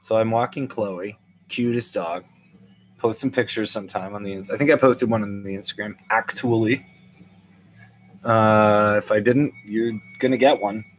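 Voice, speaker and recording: Slight background noise accompanies an older man with a lowish voice as he hosts his podcast. Alone at the mic, he spins a wry, rambling comic monologue for listeners, swinging animatedly into other people's voices.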